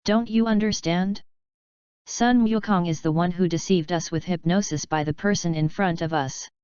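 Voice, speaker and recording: A woman's voice: fairly low pitch, normal speed, a little mellow, clean tone, no echo, dull audio, lightly acted. A woman voicing a stern, angry father held captive, speaking in a commanding way, in an audiobook reading. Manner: commanding, roaring.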